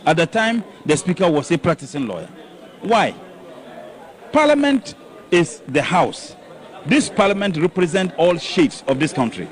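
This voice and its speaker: A man with a Ghanaian accent, a politician making slow, deliberate, pointed remarks to the press outdoors. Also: fairly high pitch, sing-song. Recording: outdoor clip with crowd noise.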